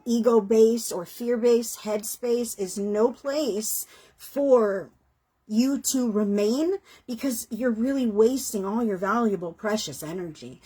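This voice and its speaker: A woman's voice: a little high, darkish tone, slightly rough. A middle-aged woman giving a chatty, earnest tarot reading, emotional at times and swearing casually. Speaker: tarot reader.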